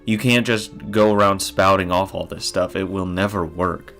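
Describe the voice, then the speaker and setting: Brief: let's-play reader, male, low and gravelly, emphatic and profane. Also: steady tone, moderate pace, a bit bright, faint music behind. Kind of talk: reading a visual novel aloud with commentary.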